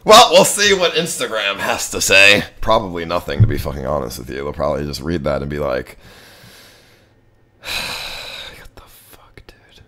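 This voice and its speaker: A young man live-streaming in casual, profane chat, talking to himself excitably. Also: very deep voice, fairly quick, few pauses.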